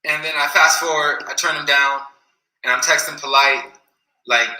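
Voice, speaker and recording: A man's voice: medium pitch, flat delivery, normal speed, bright, forceful tone. A man telling a story in a casual, rambling way, full of slang and repeated phrases, in an echoey room.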